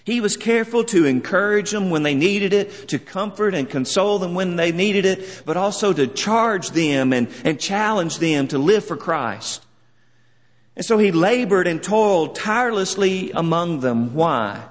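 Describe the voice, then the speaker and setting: A man preaching a sermon in an earnest, measured way, leaning on words for solemn emphasis. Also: high voice, expressive, in a large hall.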